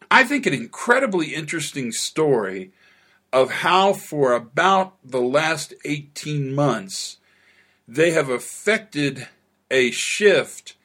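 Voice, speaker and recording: A man's voice: fairly high pitch, fairly bright tone. A man hosting a podcast, introducing the episode with playful, emphatic enthusiasm. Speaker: podcast host.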